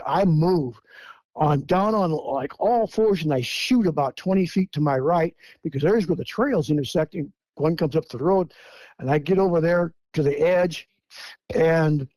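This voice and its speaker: A man's voice: fairly high pitch, unhurried, mellow, no echo. Older man telling a story, dry sound. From Washington State, US. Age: 70s. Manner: vivid step-by-step retelling, acting out quoted lines. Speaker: guest eyewitness. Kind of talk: first-person storytelling.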